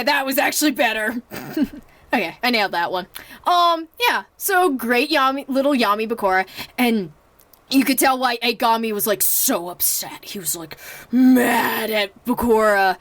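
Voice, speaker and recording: A woman's voice: on the high side, expressive, a little slow, a bit bright, no room sound. A young woman casually reviewing a movie at home, chatty and rambling with lots of fillers and restarts, acting out her own reactions.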